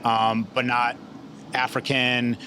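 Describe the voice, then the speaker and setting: A man's voice: mid-range voice, completely flat delivery, takes it slowly, pushed and bright, a little hiss or hum. A man hosting a podcast, chatting casually with frequent restarts and laughter. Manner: hesitant, many restarts, laughs often. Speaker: podcast host. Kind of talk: casual chat.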